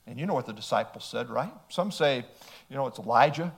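A man's voice: mid-range voice, lively intonation, fairly quick, gravelly, slightly rough. A man preaching a sermon, emphatic and throwing rhetorical questions at his listeners.

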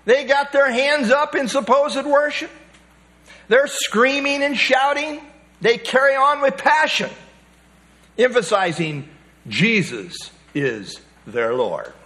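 A man's voice: extremely high pitch, lively intonation, slow, pushed and bright. A male pastor preaching a sermon, emphatic and repeating key phrases for weight.

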